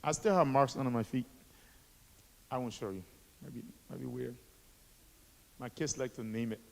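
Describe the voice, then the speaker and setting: A man's voice: medium pitch, moderate pace, vocal fry, a little hiss or hum. A man in his forties from Liberia, an author and activist telling his story to a school assembly with rhetorical questions to the audience. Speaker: guest speaker, author and activist. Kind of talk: motivational school assembly speech. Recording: echoey hall.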